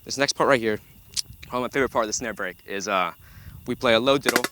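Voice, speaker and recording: A young man who plays center snare talks fast at a medium pitch, explaining a drum break step by step with lots of ums. It's an instructional walkthrough, recorded over loud background noise.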